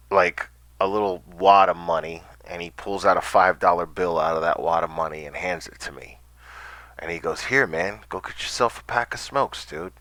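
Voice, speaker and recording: A man's voice: low voice, a bit bright, dry recording. A man telling a personal story casually, rambling with stammered restarts and swearing.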